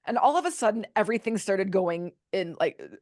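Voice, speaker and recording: A woman's voice: mid-range voice, brisk, no echo, clean studio sound. A woman guest candidly recounting a personal story in an interview, acting out quotes as she goes. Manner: candid, animated retelling with acted-out quotes. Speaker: podcast guest, author.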